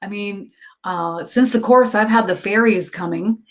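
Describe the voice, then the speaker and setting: A woman's voice: medium pitch, unhurried. A woman medium hosting a casual spiritual chat, enthusiastic and laughing often. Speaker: medium and host.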